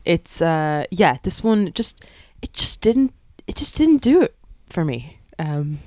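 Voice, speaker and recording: A woman's voice: fairly low pitch, big pitch swings, slow pace, darkish tone, dry recording, clean studio sound. A woman co-hosting a podcast in chatty, playful talk. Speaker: podcast co-host. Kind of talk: casual chat.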